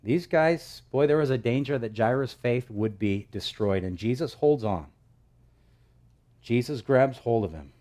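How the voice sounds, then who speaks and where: Brief: male preacher, mid-pitched, emphatic sermon delivery with loud peaks. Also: animated, unhurried. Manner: emphatic, rising to loud stresses. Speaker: pastor.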